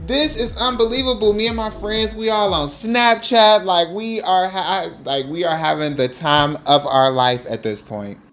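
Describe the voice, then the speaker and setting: A man telling a casual storytime over a nail art tutorial, animated and acting out the quotes. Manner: animated, acts out quotes in higher voices.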